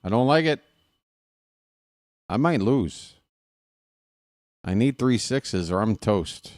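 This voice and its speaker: Man, live-stream host, trash talk, smooth dry voice, unhurried. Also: on the low side, no echo. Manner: excitable trash talk, muttering then yelling at opponents. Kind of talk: casual live-stream commentary while playing a dice game.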